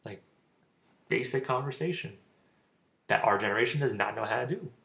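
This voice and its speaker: A young man talks in a loose, rambling way, and his speech stalls and repeats with a stutter. His voice is gravelly with plenty of fry. He sounds informal and offhand, like a casual vlogger giving advice. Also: mid-range voice, moderate pace, pushed and bright.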